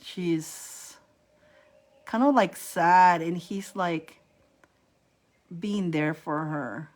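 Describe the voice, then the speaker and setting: A woman hosting a casual live-stream spiritual reading. She is chatty and animated, repeats herself and laughs often. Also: on the low side, drawn-out words. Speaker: host giving psychic readings.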